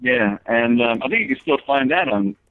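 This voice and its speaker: A man's voice: medium pitch, expressive, normal speed, crowd noise. A man talking as a guest comedian in a casual interview, telling long rambling stories with many fillers and restarts. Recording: tinny phone line.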